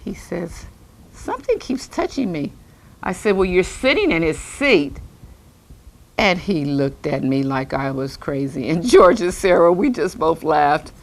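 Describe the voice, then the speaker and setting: A woman's voice: vocal fry, heavily acted. A woman playing an eccentric, scatterbrained older lady in a comedic monologue, rambling and chatting with invisible companions. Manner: lively, swooping pitch.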